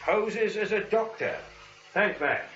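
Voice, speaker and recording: Brisk no-nonsense cop, higher voice, muffled old radio. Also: male voice, animated, a bit bright, heavily acted. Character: brisk big-city police lieutenant, businesslike. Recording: muffled vintage radio broadcast.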